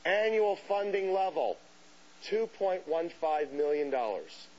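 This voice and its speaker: A man giving a lecture to an audience, telling a story in an animated way and acting out the voices of people he quotes. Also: a little high, measured pace. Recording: dull hissy lecture recording.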